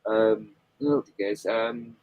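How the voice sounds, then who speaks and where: A man's voice: lowish voice, slow pace, phone-quality sound. A man, a comics creator, talking as a guest in a casual podcast chat, rambling with fillers and restarts.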